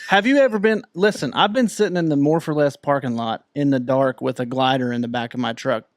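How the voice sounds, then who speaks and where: A man's voice: mid-range voice, fairly quick, no echo, clean studio sound. A man co-hosting a podcast, telling casual anecdotes. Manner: chatty anecdote teller. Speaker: podcast co-host.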